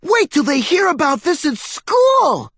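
A man voicing an eager young boy mouse, squeaky and thrilled, in an audiobook. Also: wildly swooping pitch, unhurried, a bit bright, dry recording, heavily acted. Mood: excited.

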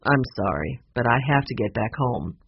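A narrator voicing a kindly, steady old grandfather in a storybook reading, speaking low, calm and measured. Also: highs cut off, slight background noise, natural voice. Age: older.

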